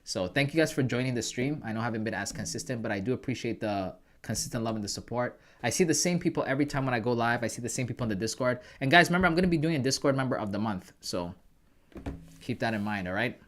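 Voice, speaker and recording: A man's voice: medium pitch, expressive, fast talker, fairly bright tone. A man from Canada hosting a trading livestream, chatting casually and calling viewers "bro" and "guys".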